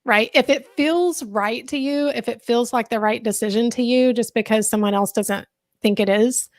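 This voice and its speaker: A woman's voice: a little high, moderate pace, a little mellow, no echo. Reassuring woman podcast co-host, dry. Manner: reflective, reassuring. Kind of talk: casual podcast discussion.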